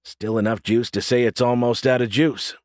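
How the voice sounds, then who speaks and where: A man voicing a calm, practical male military leader in an audiobook, speaking in a measured way. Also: medium pitch, no echo, clean studio sound, lightly acted. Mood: steady.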